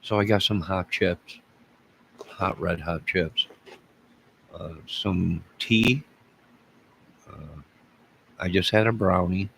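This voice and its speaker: A man with a very low, gravelly voice hosts his own video channel. He rambles from one thing to the next and keeps restarting his sentences. A faint hiss of noise sits behind him. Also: takes it slowly, pauses often, fairly bright tone, low-quality recording. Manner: rambling, digressive, with frequent restarts. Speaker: YouTube channel host. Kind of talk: rambling solo vlog.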